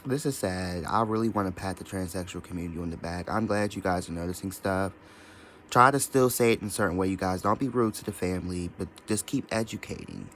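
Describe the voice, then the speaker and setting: Low-voiced man ranting casually. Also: a little fast, fairly bright tone, slight background noise. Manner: scattered, profane, mimics others in quoted voices. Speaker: social media commentator. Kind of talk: rambling casual vlog rant.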